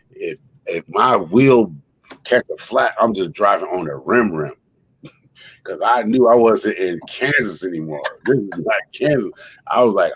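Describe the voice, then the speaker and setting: A man's voice: lowish voice, a bit bright, slightly rough, dry recording, poor audio. A man, hosting a stream and telling exaggerated comic stories with lots of laughter. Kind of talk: joking storytelling on a livestream.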